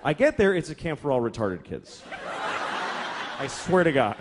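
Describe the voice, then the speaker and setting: A man's voice: a little high, very animated, normal speed, crowd noise, noisy background. A man doing a crude, exasperated stand-up routine on stage and acting out characters along the way. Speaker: stand-up comedian. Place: stage before a live audience. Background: audience laughter.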